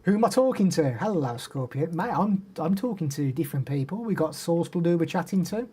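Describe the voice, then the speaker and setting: A young man with an English Midlands accent chats his way through a live stream, greeting viewers by name and answering their questions. His voice is dark and mellow with a slightly husky edge. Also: on the high side, animated, fairly quick. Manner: chatty, reads out viewer names and answers them. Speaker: live streamer demoing microphones. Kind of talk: casual live stream chat.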